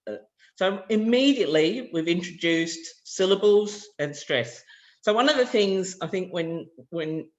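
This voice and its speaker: Australian man presenting a workshop, slightly high. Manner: explanatory, loose and conversational, walking through examples. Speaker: workshop presenter for language teachers. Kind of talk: practical teacher-training workshop talk.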